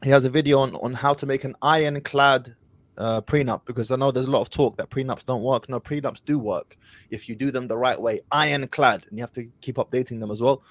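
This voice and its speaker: A man's voice: medium pitch, fairly even intonation, fairly quick, dry recording. A man hosting an advice call-in show, speaking confidently and directly, with Arabic phrases mixed in. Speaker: host.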